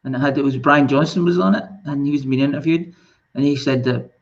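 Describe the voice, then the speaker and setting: A man's voice: mid-range voice, quick pace, muffled recording. A man co-hosting a live online show, bantering and teasing in casual chat. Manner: banters and teases. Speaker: co-host.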